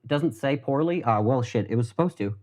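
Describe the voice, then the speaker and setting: Cooking on a live stream in his home kitchen, this young man from the United States talks in a rambling, self-deprecating way and swears without a second thought. His medium-pitched voice is animated, a bit fast and darkish in tone, picked up by a headset mic.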